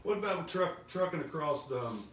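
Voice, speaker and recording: A man's voice: fairly high pitch, expressive, normal speed, a bit bright, distant mic, a little hiss or hum. Off-mic man chiming in, echoey room. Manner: chiming in with short quips and agreement. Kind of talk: casual chat.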